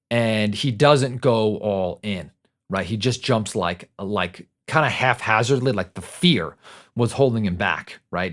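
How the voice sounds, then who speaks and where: A middle-aged man hosting a podcast, telling a casual story in a conversational way and often checking in with the listener. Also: lowish voice. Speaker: podcast host.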